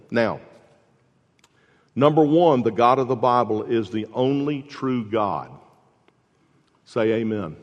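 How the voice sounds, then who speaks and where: A man pastor delivering a sermon, asking the congregation questions and dropping from loud emphasis to hushed tones. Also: medium pitch, expressive, slow, long pauses, lo-fi sound. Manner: preaching with rhetorical questions, swings from loud to hushed. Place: church sanctuary. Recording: long reverb in a large hall.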